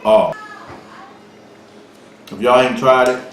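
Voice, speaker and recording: A man's voice: medium pitch, fairly even intonation, slow pace. A man co-hosting a casual eating vlog, joking around and boasting through his stories. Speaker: vlog co-host. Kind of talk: casual mukbang chat. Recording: very echoey room, faint background noise.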